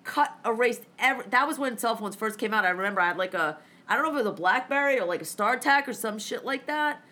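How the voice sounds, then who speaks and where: A woman with a high, bright voice tells a story in loose, casual chat. She swears constantly and acts out every line of dialogue herself. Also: quick pace. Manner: profane, animated, acts out dialogue.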